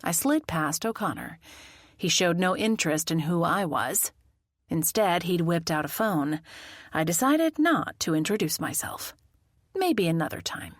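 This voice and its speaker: A woman narrating a mystery audiobook in the first person, with expressive, lively storytelling. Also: fairly low pitch, a little slow, dry recording, clean studio sound.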